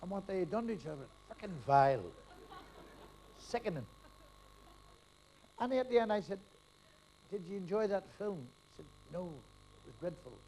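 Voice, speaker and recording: A middle-aged man working a stand-up crowd, his voice pitched high and swinging widely as he rattles off crude one-liners and laughs at his own punchlines. He talks into a stage mic, and a faint hiss runs under the live recording. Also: expressive, mellow, poor audio. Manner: rapid-fire joke telling with crude punchlines, laughing at his own gags. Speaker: stand-up comedian. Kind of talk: stand-up comedy routine.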